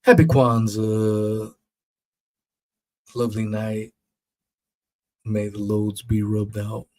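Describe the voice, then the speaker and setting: A man's voice: on the low side, level tone, slow, a little mellow. A man hosting his own podcast, talking alone in a blunt, profane, rambling way. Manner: blunt, profane, rambling, mocks others in put-on voices. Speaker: podcast host. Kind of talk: casual solo monologue.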